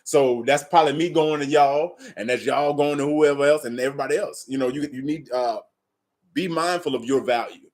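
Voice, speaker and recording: A man's voice: a little high, brisk, a little mellow. Laid-back man streaming from home, talking straight to viewers, swears freely. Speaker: tarot reader and live stream host. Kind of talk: casual live stream chat and reading aloud. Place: at home in an apartment.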